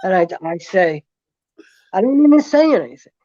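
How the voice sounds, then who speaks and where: A man guest telling a long story in casual chat, rambling with many fillers and restarts, and getting animated as he retells events. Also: high-pitched, moderate pace, dry recording, dull audio.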